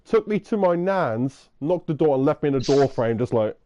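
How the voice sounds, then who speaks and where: A man's voice: a little high, normal speed, few pauses, dry recording. A man co-hosting a podcast, telling drunken stories in casual, sweary chat. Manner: animated storytelling, swearing. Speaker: podcast co-host.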